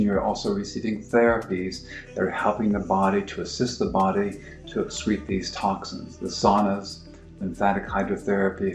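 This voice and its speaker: A middle-aged man explaining his clinic's approach in a halting, informal way, full of fillers and restarts. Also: low-pitched, a little mellow. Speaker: naturopathic clinic practitioner. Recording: roomy echo with faint music.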